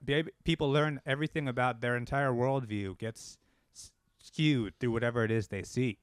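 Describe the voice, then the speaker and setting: A man co-hosts a casual podcast chat and talks in an animated, opinionated way, swearing now and then. His voice sits at an ordinary middle pitch. The recording is dry and close, with no room in it. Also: normal speed, no room sound. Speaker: podcast co-host.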